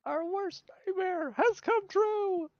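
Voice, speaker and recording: A woman playing in a tabletop game, lively and quick to exclaim. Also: very high voice, highs cut off, soft background music. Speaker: player. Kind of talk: tabletop role-play.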